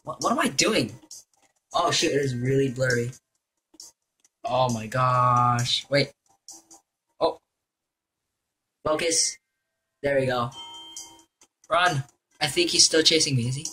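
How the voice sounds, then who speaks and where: Bright-voiced young man narrating gameplay. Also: mid-range voice, slow, pauses often, faint music behind. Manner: excitable, jokey, shouts and laughs at the game. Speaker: gaming YouTuber. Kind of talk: gameplay commentary.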